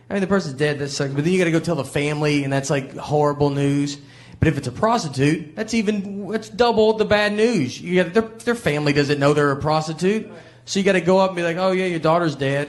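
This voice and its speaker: A stand-up comedian with a Tennessee Southern accent, delivering a live set in a deadpan, meandering way with many hesitations. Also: male voice, fairly high pitch. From Tennessee, USA. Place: stage in a venue with an audience. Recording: noisy, echoey live stage recording.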